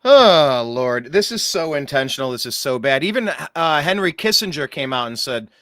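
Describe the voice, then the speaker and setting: A male talk show host in casual political chat, speaking in an animated, exasperated way with mocking asides. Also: on the high side, normal speed, no echo, studio quality.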